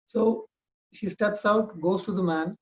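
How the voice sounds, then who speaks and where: A man's voice: sits high, measured pace, muffled recording. A man telling a family story informally, talking conversationally with frequent restarts.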